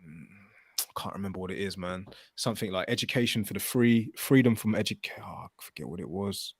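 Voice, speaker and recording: A man hosting a podcast, talking in an animated, casual way, swearing and telling stories with acted quotes. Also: low-pitched, brisk, slightly rough, no echo. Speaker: podcast host.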